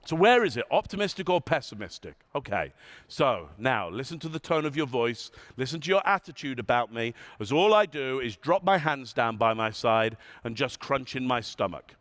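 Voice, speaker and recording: A man giving a conference keynote in a large hall, animated and asking the audience questions, sometimes dropping his voice low and soft to show a point. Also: moderate pace. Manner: demonstrates tones, drops voice low and soft. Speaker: keynote speaker.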